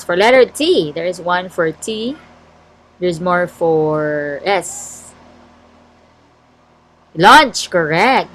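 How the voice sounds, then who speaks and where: A woman's voice: fairly low pitch, slight background noise, poor audio. A woman with a Filipino English accent, teaching an online class and reading out and checking her students' answers in a word game. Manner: checks answers aloud, encouraging.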